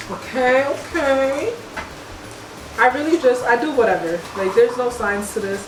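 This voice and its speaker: Music plays behind a young woman cooking in her kitchen as she jokes around with viewers using casual slang. She speaks at a moderate pace with a high voice. There is background noise, and the far-off mic gives an echoey sound.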